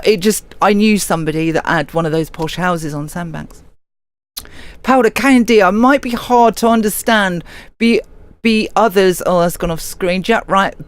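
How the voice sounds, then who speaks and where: A woman's voice: medium pitch, dry recording. An English woman, older, hosting a live show and chatting casually as she reads out and answers listener comments. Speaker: radio show host reading listener messages.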